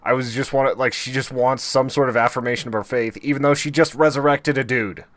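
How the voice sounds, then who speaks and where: A man's voice: mid-range voice, fairly even intonation, quick pace, fairly bright tone, dry recording. A man co-hosting a podcast, laid-back and casual in a TV episode recap chat. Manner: laid-back, chuckles often. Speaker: podcast co-host.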